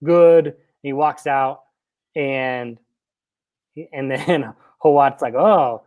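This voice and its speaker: A man's voice: medium pitch, flat delivery, slow pace. A young man co-hosting a casual podcast, retelling film scenes with quoted bits and frequent laughs. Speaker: podcast co-host.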